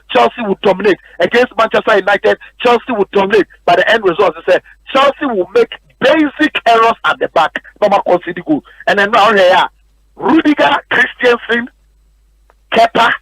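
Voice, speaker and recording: Ghanaian guy breaking down league tables on radio, high voice, dry studio sound, keeps repeating for emphasis. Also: fairly bright tone, no room sound, low-quality recording. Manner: rapid code-switching, repetitive emphatic delivery. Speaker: sports analyst. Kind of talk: radio sports analysis.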